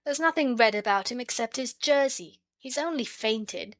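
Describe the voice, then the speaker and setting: Woman playing a plucky, bossy storybook boy, firm and raised in pitch. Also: expressive, moderate pace, fairly bright tone, no echo. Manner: firm, boyish confidence. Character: brave bossy boy, eldest brother.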